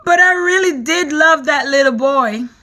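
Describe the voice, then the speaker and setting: A woman's voice: medium pitch, very animated, slow pace, bright, forceful tone, exaggerated voice. A woman voicing a grumpy but tender-hearted earthworm in a storybook, sobbing and scolding.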